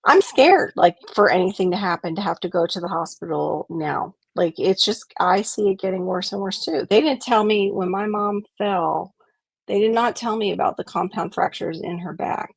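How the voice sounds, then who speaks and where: Gravelly-voiced woman hosting a live stream. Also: medium pitch, moderate pace, no echo, low-quality recording. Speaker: host of a gardening live stream. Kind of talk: casual live-stream chat.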